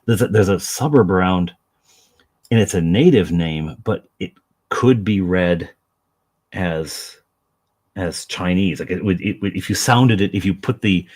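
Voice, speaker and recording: A man's voice: deep voice, a little mellow. A man chatting casually on a live stream while he paints miniatures, rambling, self-deprecating and talking to his dog.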